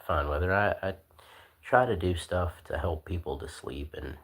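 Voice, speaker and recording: A man hosting a casual livestream, talking in a laid-back, soft-spoken way with lots of fillers. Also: low-pitched, moderate pace. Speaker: livestream host.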